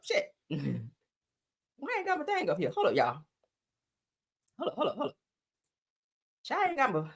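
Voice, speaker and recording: Sassy woman streamer with lively pitch. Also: husky. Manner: sassy, emphatic, cusses, talks to viewers as y'all. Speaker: host. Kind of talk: live-stream commentary.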